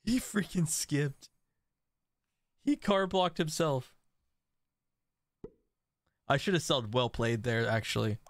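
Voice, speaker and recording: A young man streaming an online strategy game, reacting excitedly to chat and laughing at other players. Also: a little high, slow pace, long pauses. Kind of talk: live game stream commentary.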